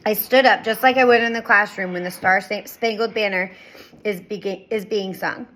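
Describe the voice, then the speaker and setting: A woman reading a children's chapter book aloud with expressive storytelling. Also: medium pitch, normal speed, poor audio. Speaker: reader.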